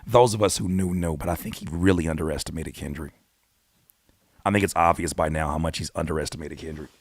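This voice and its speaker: A man hosting a casual live reaction stream, swinging between loud excited outbursts and low muttering, mixing read-out notes with slangy commentary. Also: quick pace, no echo, clean studio sound. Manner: mixes reading annotations aloud with slangy commentary. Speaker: YouTube host reacting to a song.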